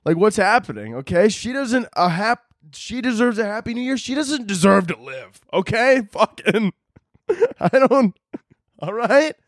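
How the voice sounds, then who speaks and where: A young man hosts a podcast in a profane, rambling comedy monologue, breaking into laughter often. His voice sits a little high. The sound is dry and close, with no room echo. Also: animated, a little slow. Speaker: podcast host.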